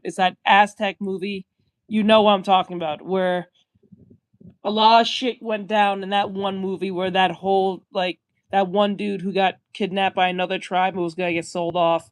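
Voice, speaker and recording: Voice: medium pitch, dry recording. A stream host giving casual reaction commentary, rambling and swearing a lot, with many fillers and restarts.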